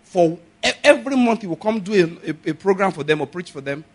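A man preaching a sermon, telling stories and acting out the people in them with sudden shouts. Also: high voice, lively intonation, fast. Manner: storytelling, acts out quoted voices with sudden shouts. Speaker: pastor.

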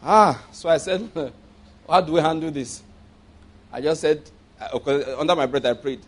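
A man with a fairly high voice, speaking at normal speed, preaches a sermon in the form of a story. He repeats himself for emphasis, checks in with his listeners and chuckles often along the way.

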